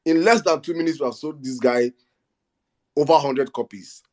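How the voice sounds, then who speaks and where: A man's voice: a little high, moderate pace. A Nigerian man hosting an online audio space, energetically rallying listeners to buy copies with lots of repetition and pleading. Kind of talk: excited live fundraising hype.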